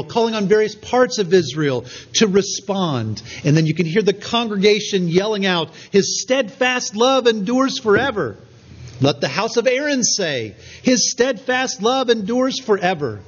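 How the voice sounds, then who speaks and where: High-voiced preacher, lo-fi sound. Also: male voice. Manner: earnest, measured preaching with scripture reading. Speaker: pastor. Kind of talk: sermon. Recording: dull lo-fi recording.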